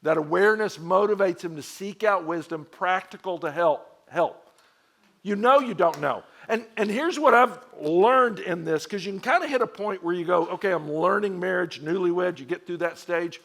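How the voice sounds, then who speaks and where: A middle-aged man gives a sermon to a men's group in a relaxed, conversational way. His voice sits a little high for a man, and he keeps it animated, acting out the people in his stories with big swings in pitch and loudness. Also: moderate pace. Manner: conversational storytelling with acted quotes. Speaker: pastor.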